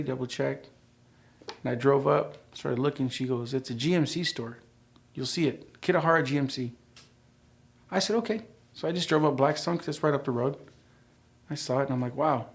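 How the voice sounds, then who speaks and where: A middle-aged man telling his life story as a church testimony, acting out the dialogue as he goes. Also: mid-range voice. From United States.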